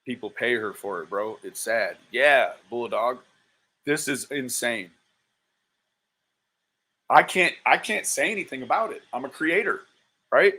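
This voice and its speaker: This exasperated live-stream commentator curses often and drags out his exclamations of disbelief. His mid-range male voice is husky and sharp, with lively intonation, an unhurried pace and long pauses.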